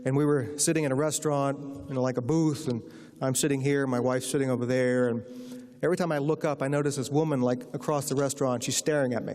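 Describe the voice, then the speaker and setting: A man's voice: medium pitch, steady tone, fast talker, darkish tone. Wry storytelling man in a reverberant hall. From Richmond, Virginia, USA. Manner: wry storyteller, acts out punchlines. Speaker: author giving a guest lecture. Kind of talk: humorous anecdotal public talk. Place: large lecture hall. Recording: lecture hall with long reverb.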